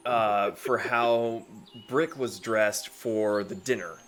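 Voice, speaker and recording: A man narrating as game master, casual and profane, with many pauses and fillers. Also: fairly low pitch, a bit bright, slight background noise.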